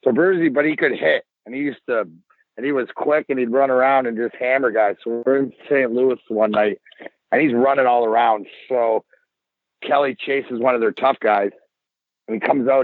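A former hockey player being interviewed, telling rambling, profane stories full of restarts. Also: male voice, medium pitch, normal speed, no echo. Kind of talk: casual storytelling interview. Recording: tinny phone-like line.

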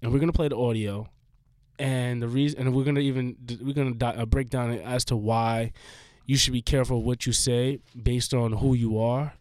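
A man hosting a podcast in casual chat, rambling and emphatic with many restarts, his voice a little hoarse. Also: mid-range voice, fairly even intonation, fairly quick, darkish tone, no echo. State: slightly hoarse. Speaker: podcast host.

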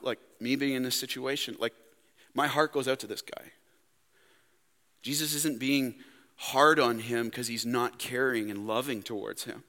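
A young man, a pastor preaching a sermon in a church, talking emphatically and swinging between loud stresses and hushed asides. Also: medium pitch, big-room sound. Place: church sanctuary.

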